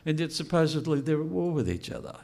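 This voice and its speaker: A man's voice: fairly high pitch, very animated, fast, vocal fry, darkish tone. An older man giving a blunt, unscripted speech to an audience and asking rhetorical questions. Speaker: speaker at a political launch event.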